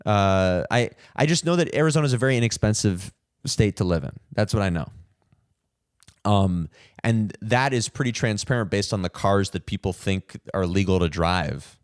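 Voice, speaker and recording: A man's voice: on the low side, moderate pace, no echo, clean studio sound. A young man hosting a solo podcast, rambling and self-deprecating, full of fillers and restarts. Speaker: podcast host.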